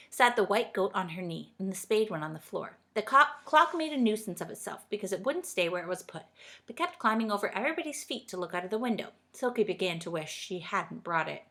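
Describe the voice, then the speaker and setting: A woman reading a children's storybook aloud in a steady, gentle storytelling way. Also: mid-range voice. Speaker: reader.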